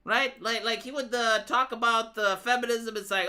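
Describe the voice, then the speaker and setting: A woman's voice: fairly high pitch, steady tone, brisk, bright, forceful tone, smooth. A woman streamer giving casual reaction commentary, ranting and swearing as she talks to her chat. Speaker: live streamer reacting to videos.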